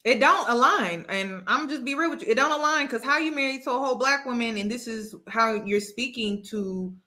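A woman hosting a casual online interview, with a bright voice pitched a bit high. She speaks directly and chattily, calling her guest girl and sis. Her tone stays plainspoken. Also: a little fast. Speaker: host.

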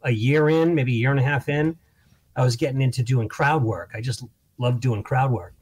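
Husky-voiced man telling stories. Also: mid-range voice, normal speed. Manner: relaxed, anecdotal storytelling. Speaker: guest comedian. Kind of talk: casual storytelling chat. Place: podcast studio.

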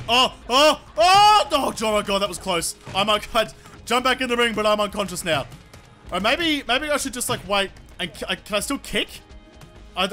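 A young male gamer with a very high, bright voice yells his way through let's-play commentary, excitable and frequently cursing. Faint game music plays behind him, he's using a desk microphone, and his throat sounds sore from shouting.

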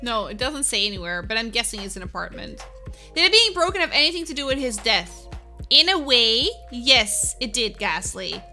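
Woman streamer, animated, sharp bright tone; upbeat, answers viewers by name. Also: a little high, moderate pace, soft background music. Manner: upbeat, laughs often, answers chat by name. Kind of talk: casual chat with live viewers.

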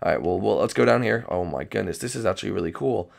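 Excitable gravelly male game host. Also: low voice, quick pace. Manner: excitable, exclaims often. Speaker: host and gamer. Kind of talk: comedic game role-play.

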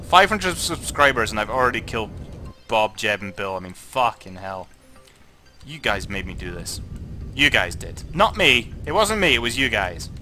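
A young Scottish man commentating on his own gameplay, tipsy, sweary and jokey, swinging between muttering and excited shouting. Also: on the low side, moderate pace, faint music behind. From Scotland. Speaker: gaming YouTuber.

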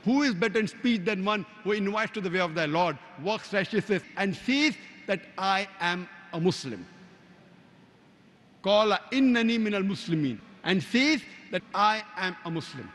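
High-voiced man preaching in a reverberant hall. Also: lively intonation, fairly bright tone. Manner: emphatic, cites scripture verses by number; recites Arabic verses rapidly. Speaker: Islamic preacher. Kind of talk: religious lecture.

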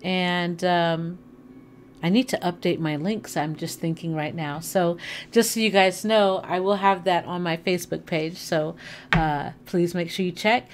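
In her home living room, a woman with a lowish, unhurried voice streams herself playing a video game, and there's a little hiss or hum in the audio. Her casual stream chat is animated and chatty, full of thinking aloud mid-play.

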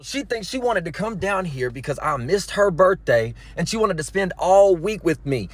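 A young man telling a story to camera in a casual, animated way, full of slang and nervous laughter. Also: sits high, normal speed, dry recording. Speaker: TikTok storyteller.

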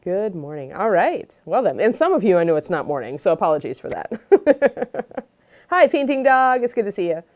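A woman's voice: medium pitch, sing-song, normal speed, a little mellow. A woman casually hosting a livestream, chatting and greeting viewers by name. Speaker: host of a miniature painting livestream.

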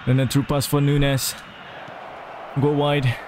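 Slow-talking man commentating his football game. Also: a little high, flat delivery, noisy background. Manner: talks to himself, groans and cheers at plays. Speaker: gamer. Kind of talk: gameplay commentary.

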